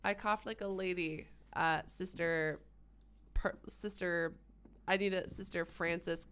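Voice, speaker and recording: A woman's voice: fairly low pitch, fairly even intonation, measured pace, fairly bright tone, clean tone. A woman streaming a horror game and talking through it in a rambling, sarcastic way, swearing freely. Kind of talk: casual gameplay commentary.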